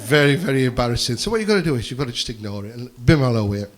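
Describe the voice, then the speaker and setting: A man's voice: mid-range voice, sing-song, racing, a little hiss or hum. A man doing a rambling stand-up set, swearing freely and chatting with the crowd from a comedy club stage.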